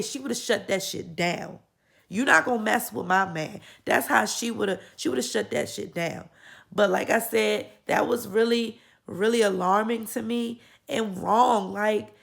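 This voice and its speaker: Woman vlogger getting over a cold, gravelly. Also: medium pitch. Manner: opinionated, frank, many fillers and restarts. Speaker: YouTube channel host reviewing a series. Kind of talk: casual opinion vlog.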